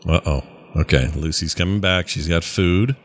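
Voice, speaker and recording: A man's voice: sits low, normal speed. A man giving casual reaction commentary on an old sitcom, wry and sarcastic with chuckling asides. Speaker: reviewer watching an old sitcom.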